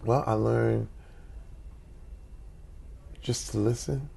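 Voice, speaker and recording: A man in his forties, a guest in an interview, telling personal stories in an animated way and acting out quotes with big jumps in his voice. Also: medium pitch, very slow, gravelly, a little hiss or hum. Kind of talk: conversational storytelling.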